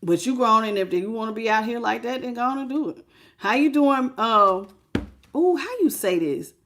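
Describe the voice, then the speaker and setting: A woman with a slightly high voice runs a live tarot reading, laying out the cards in a loose, conversational way. She talks animatedly, laughs easily and greets viewers by name between the cards. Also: moderate pace. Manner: casual, chatty, animated, often laughing. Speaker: tarot reader.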